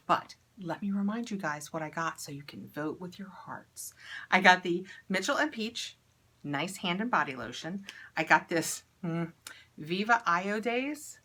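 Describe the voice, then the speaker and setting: A middle-aged woman chatting through a beauty unboxing, reading product labels aloud and dropping to soft murmurs as she tries things. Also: low voice. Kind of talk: casual unboxing chat.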